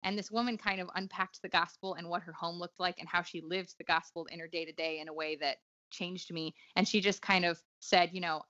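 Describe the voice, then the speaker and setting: A woman talks earnestly and reflectively, full of fillers and quick restarts. Her voice is bright and forceful, and it sits a little low. The sound is dry and somewhat dull, like a lo-fi recording. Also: fairly even intonation, no room sound. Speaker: guest author. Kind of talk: conversational interview.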